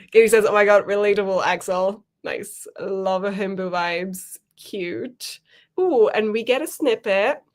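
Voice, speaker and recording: A woman's voice: mid-range voice, slow, pauses often, darkish tone. A woman co-hosting a live writing stream over a video call, chatting casually, laughing often and reading comments aloud. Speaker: co-host of writing sprint stream. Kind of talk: casual chat.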